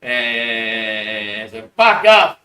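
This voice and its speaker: A man's voice: lowish voice, sing-song, drawn-out words, pushed and bright. An Australian man in a rambling casual monologue, swearing a lot and laughing between phrases. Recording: echoey room, voice far from mic.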